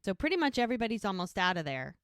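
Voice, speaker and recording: A woman's voice: mid-range voice, racing, clear, resonant tone, no echo, studio quality. A woman podcast co-host animatedly recapping a TV episode in casual chat. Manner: animated storytelling.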